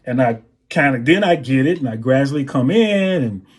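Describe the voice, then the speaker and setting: A man, a drummer and guest on an interview show, telling anecdotes in a relaxed way and scatting drum patterns. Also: mid-range voice, normal speed, breathy edge. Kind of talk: interview storytelling.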